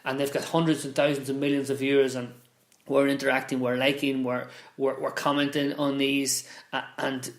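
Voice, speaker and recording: A man talks through a casual explainer at a mid pitch, stumbling over restarts and doubling up words as he thinks aloud. His voice bounces around a roomy space, giving it a hollow echo. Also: little pitch movement, normal speed. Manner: conversational, frequent restarts and repeated words. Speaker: business founder explaining marketing. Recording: roomy echoey room.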